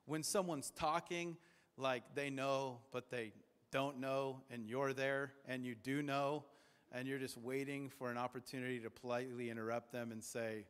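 A pastor preaches in a large church hall, his medium-pitched voice slightly bright and clean in tone. He keeps things chatty and jokey, performing the voices of anyone he quotes.

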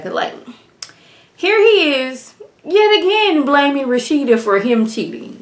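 In a casual vlog, a woman with a lowish voice reviews a reality show, talking straight to her viewers in an animated way and occasionally mimicking the cast. The recording has a roomy echo.

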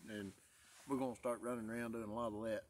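A man's voice: mid-range voice, flat delivery, fast talker. A man, chatting in a folksy, rambling way for his vlog while out in the woods, tired after a long day. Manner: folksy, rambling, repeats himself. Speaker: vlogger. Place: outdoors in the woods.

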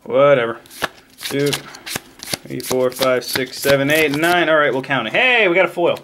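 A man casually opening trading card packs on camera, excitably rattling off card names and cracking jokes. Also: mid-range voice, unhurried, background noise. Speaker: card pack opening vlogger. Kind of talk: casual card unboxing commentary.

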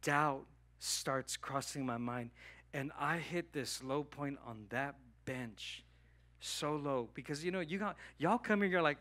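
Animated, bright-voiced man preaching. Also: fairly high pitch, unhurried. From Southern California. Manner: animated, acts out dialogue with God. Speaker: pastor. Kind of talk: sermon storytelling. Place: church hall.

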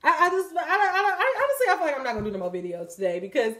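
Blunt, profane woman, animated. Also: high voice, rapid-fire, heavy background noise. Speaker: tarot reader and channel host. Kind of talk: candid spoken reading to viewers.

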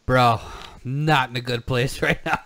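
A man's voice: medium pitch, fairly even intonation, unhurried, crowd noise. A man co-hosting a podcast, brash and teasing, swearing freely in casual banter. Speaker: podcast co-host.

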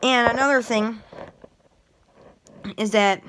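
A woman talking to camera in a casual vlog, thinking aloud in a rambling, unhurried way. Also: on the high side, fairly even intonation, a bit bright, slight background noise. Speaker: vlogger.

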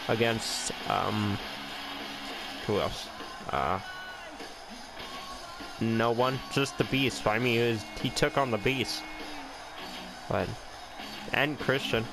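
Slow-talking man reacting to a wrestling game. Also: medium pitch, low-quality recording. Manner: excitable, reacting with gasps and swearing; joking, sarcastic asides. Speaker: gameplay commentator. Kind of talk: casual let's-play commentary.

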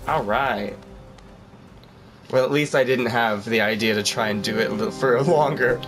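A man's voice: mid-range voice, unhurried, soft background music. A man hosting a gaming channel, giving jokey let's-play commentary and yelping and exclaiming as he plays. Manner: excitable, jokey, yelps and exclaims while playing.

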